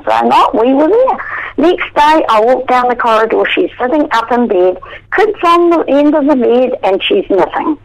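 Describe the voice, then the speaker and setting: A woman in her eighties, an interview guest telling stories in a lively, conversational way. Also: high voice, rough recording. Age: 80s. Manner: animated, loud when acting out her own past words. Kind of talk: conversational storytelling.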